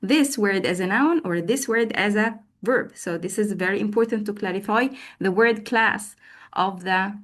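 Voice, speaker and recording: A woman's voice: medium pitch, normal speed, a bit bright. A woman teacher trainer leading a live online lesson, calling on participants by name and explaining teaching steps with frequent fillers.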